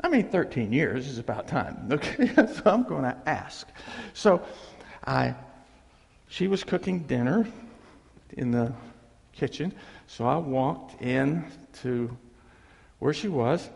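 A man telling a funny personal story to a live audience, animated and self-deprecating, dragging out his punchlines. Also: medium pitch, slow, vocal fry, pauses often. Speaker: speaker addressing a live audience. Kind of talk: humorous personal storytelling talk. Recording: long reverb of a large hall.

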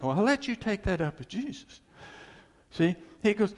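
A man preaching a sermon as pastor, animated and conversational, with folksy asides to the congregation. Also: sits high, normal speed, in a large hall.

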